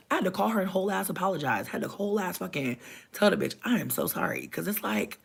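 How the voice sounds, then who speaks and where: Husky young adult venting a story. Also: medium pitch, quick pace. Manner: animated venting with heavy slang and cursing. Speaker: vlogger. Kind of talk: casual storytelling rant.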